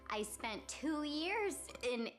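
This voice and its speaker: Drunk woman doing a young dancer voice, cheeky, crude, self-assured, high and bright. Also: sing-song, slow, soft background music, heavily acted. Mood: scheming.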